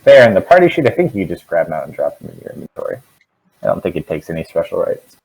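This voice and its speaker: A man running a tabletop game as dungeon master, narrating in a relaxed, rambling way. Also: low-pitched, quick pace, creaky, husky, low-quality recording.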